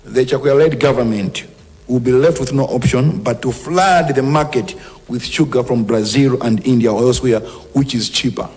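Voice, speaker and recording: A man's voice: mid-range voice, normal speed. Emphatic Malawian man speaking in a hall. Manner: emphatic, forceful warnings, switching between English and Chichewa. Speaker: government minister. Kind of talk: public speech to press.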